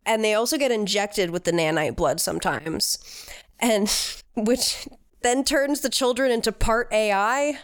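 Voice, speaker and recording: Wry woman podcast host, smooth clear voice. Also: medium pitch, a little slow, no echo, studio quality. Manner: wry, sarcastic storytelling. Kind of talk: casual chat.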